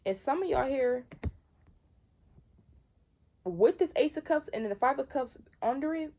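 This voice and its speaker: Her voice high-pitched and expressive yet dark in tone, a twenty-something tarot reader from Michigan moves a little slowly through a casual reading. She is slangy and emphatic, saying things more than once for effect. The sound quality is lo-fi.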